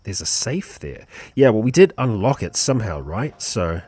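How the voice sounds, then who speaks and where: A man's voice: lowish voice, normal speed, slightly rough, no echo. A man streaming a video game, chatting casually and thinking aloud as he plays. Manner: relaxed, chatty, thinking aloud, chuckles between lines. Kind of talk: casual gameplay commentary.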